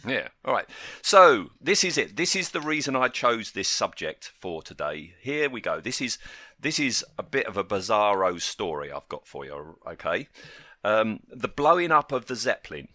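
An English man with a slightly low, bright voice that rises and falls a lot as he chats. He laughs easily and keeps drifting into tangents. The sound is close and dry. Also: big pitch swings, normal speed, no echo. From England. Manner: chatty, laughs often, wanders off on tangents. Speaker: podcast host. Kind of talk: casual chat.

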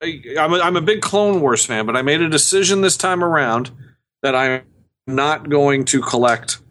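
A man's voice: on the high side, animated, moderate pace, fairly bright tone, slight background noise. A man co-hosting a podcast over a video call, talking casually and hesitantly, often searching for words. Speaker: podcast co-host.

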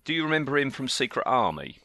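A man's voice: mid-range voice, sing-song, fast talker, vocal fry, sharp tone, no room sound, studio quality. A man co-hosting a fan podcast, chatting with enthusiasm and restarting his sentences often. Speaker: podcast co-host. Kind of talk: casual fan discussion.

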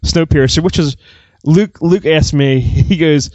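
Guy cohosting a movie podcast, high voice, super swingy, laughs a lot telling stories, kinda muffled. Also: a little slow, dry recording. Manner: animated storyteller who laughs often. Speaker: podcast co-host. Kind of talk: casual chat. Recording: dull lo-fi mic.

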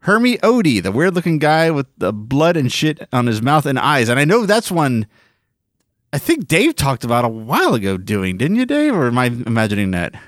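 A man's voice: medium pitch, wildly swooping pitch, moderate pace, no room sound, clean studio sound. A man co-hosting a casual podcast, reading listener emails aloud and laughing often.

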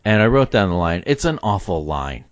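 A man co-hosting a casual podcast chat about a film, opinionated and animated, laughing often. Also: on the low side, normal speed, no echo. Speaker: podcast co-host. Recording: dull dry lo-fi sound.

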